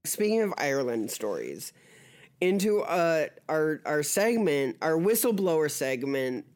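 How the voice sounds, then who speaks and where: A man's voice: on the high side, big pitch swings, measured pace, a little mellow, faint music behind. A middle-aged man co-hosting a podcast, playful and teasing in casual chat, also reading the show's appeal. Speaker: podcast co-host. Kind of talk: casual chat and sponsor read.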